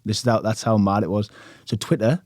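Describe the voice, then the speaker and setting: A man in his thirties, a podcast guest telling stories in a rapid, animated way, acting out voices and swearing casually. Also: lowish voice, no room sound, studio quality.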